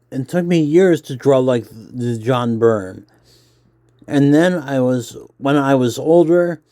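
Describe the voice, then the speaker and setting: A man's voice: a little high, dry recording, clean studio sound. A man who calls his own voice nerdy, casually reading an interview aloud and chatting while he colors a drawing. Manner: self-described nerdy voice, relaxed with fillers. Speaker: comics vlogger.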